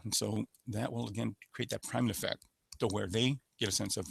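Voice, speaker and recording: A man's voice: fairly low pitch, fairly even intonation, brisk, gravelly, slightly rough, no room sound. A man presenting a sales-skills webinar in a coaching manner, showing voice patterns with sample phrases. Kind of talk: instructional webinar talk.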